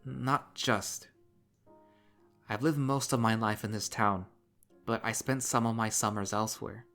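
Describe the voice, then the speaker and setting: Murdoch: soft, reassuring young fox with a determined streak, read by a man, low and unhurried, from a visual novel. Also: steady tone, vocal fry, faint music behind. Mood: earnest.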